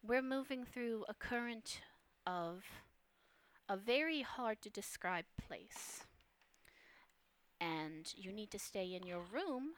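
A woman voicing a dark, eerie female spirit in a wispy, hushed whispered role-play. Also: medium pitch, slight background noise.

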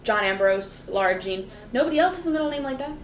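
A woman's voice: a little high, expressive, fast. A young woman co-hosting a podcast, reacting to a movie in a brash, profane, mocking way. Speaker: podcast co-host. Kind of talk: casual movie-reaction chat.

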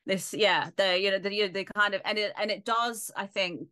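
A woman with an Australian accent, a film lecturer speaking in a casual interview, thoughtful and often pausing to search for words. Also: mid-range voice, pushed and bright.

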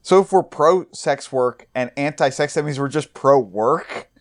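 A podcast co-host chatting casually in a playful, joking way. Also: medium pitch. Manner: playful, quick to laugh. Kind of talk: casual chat.

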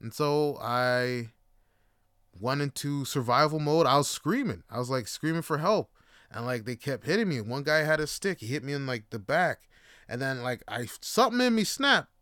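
A man's voice: mid-range voice, expressive, moderate pace, a bit bright, clean tone, no echo, clean studio sound. A man hosting a podcast, telling stories in a casual, rambling monologue with plenty of swearing and filler words. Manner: rambling and profane, full of fillers. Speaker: podcast host.

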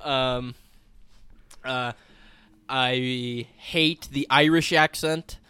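Smooth-voiced, blunt man on a podcast. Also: medium pitch, steady tone, sharp tone, no room sound. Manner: blunt, playful, quick to laugh. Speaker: podcast co-host. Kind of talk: casual chat.

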